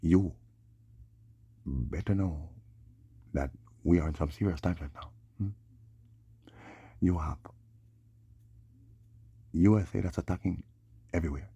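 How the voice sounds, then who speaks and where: A man with a very deep, gravelly voice that sounds dark and husky. He rambles through a loose solo monologue, drawling and tossing in a questioning "hmm?" between thoughts. The sound is close and dry. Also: unhurried, pauses often, no echo. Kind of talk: rambling monologue on names and prophecy.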